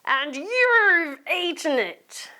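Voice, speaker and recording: A woman voicing a grumpy young male sheep in a children's storybook, shouting loudly and stamping. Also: high-pitched, big pitch swings, drawn-out words, pitched above the performer's own voice, full character voice. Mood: angry shouting. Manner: loud, bellowing shouts.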